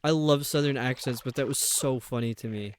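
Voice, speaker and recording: A man's voice: medium pitch, a little fast, slight background noise. A man live-streaming a video game, rambling to his viewers as he puzzles over the level. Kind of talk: casual live-stream chat while gaming.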